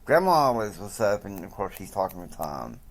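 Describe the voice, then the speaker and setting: A man casually retelling a family story, halting often and quoting each person with "he's like". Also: deep voice, big pitch swings. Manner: slow, halting, quotes characters with "he's like".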